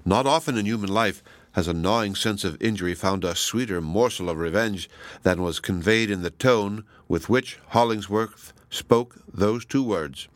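A man narrates a classic novel in a measured, deliberate reading. His voice sits low. The sound is dry and close, with no room around it. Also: no echo. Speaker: audiobook reader. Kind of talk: scripted narration.

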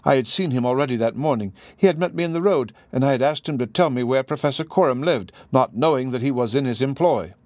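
A man's voice: mid-range voice, fast talker, hardly any pauses, a little mellow, no room sound, voice pushed up, close to an everyday voice. A man reading the lines of a proud, desperate Russian woman, in an impassioned, accusing manner. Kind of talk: audiobook dialogue reading.

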